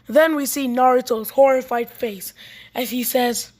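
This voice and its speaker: A woman's voice: high voice, steady tone, a little slow, a little mellow. A woman reading a fan story aloud in a plain way, often stumbling and restarting lines.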